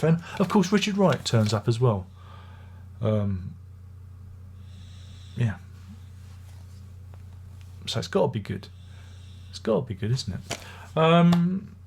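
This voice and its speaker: A man's voice: mid-range voice, a little mellow, breathy edge. A middle-aged man with a chesty, unwell voice, chatting wryly and grumbling through a casual music review. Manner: chatty, wry, grumbling anecdotes. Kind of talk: casual rambling review monologue.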